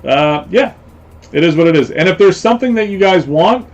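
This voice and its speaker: A man's voice: high voice, lively intonation, brisk, dull audio. A man hosting a casual live stream, rambling along with lots of fillers and repeated phrases. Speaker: host.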